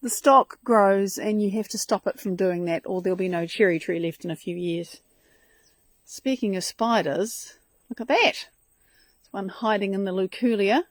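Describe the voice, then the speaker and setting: A woman's voice: mid-range voice, normal speed, no room sound. A woman hosting a casual live stream from her front garden outdoors, chatting in a rambling, enthusiastic way into a handheld phone.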